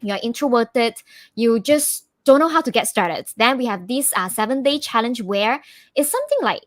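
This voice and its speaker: Brief: female guest, fairly high voice, eager and upbeat, dry close sound. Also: big pitch swings, normal speed, no room sound. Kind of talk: interview answer.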